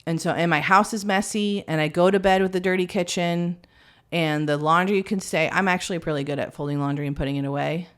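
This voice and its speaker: A woman in her thirties with a fairly low voice talks candidly about family life as a podcast guest. She tells stories animatedly, her pitch swinging widely as she pokes fun at herself. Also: a little fast, clear, resonant tone. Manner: animated, candid, self-mocking storyteller with big pitch swings. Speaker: guest, mother of three.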